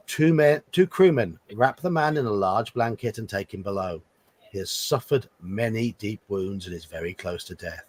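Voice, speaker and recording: Male host, mid-pitched, narrating a gamebook live. Husky timbre, animated delivery. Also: moderate pace, no echo. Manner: reads aloud with asides and chuckles.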